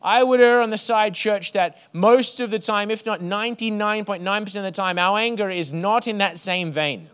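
A man preaching a sermon to his church, building rhythmic lists and then dropping to a soft hush. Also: high-pitched, moderate pace, few pauses, smooth. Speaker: pastor.

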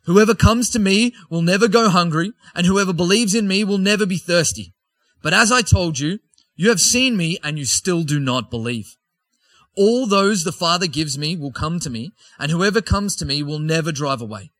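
Jesus speaks with authority to a listening crowd, as a male preacher reads his words aloud. The voice sits a little high and rings bright and forceful. His lines come raised and emphatic, in a dry, close sound. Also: expressive, normal speed, no echo. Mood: emphatic teaching.

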